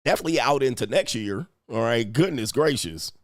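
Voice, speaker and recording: A man's voice: mid-range voice, animated, fairly quick, no echo, clean studio sound, faint music behind. A man hosting a livestream, reading viewer messages and commenting in a mocking, slangy way with frequent laughs. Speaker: livestream host reading super chats. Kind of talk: casual commentary. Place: home studio.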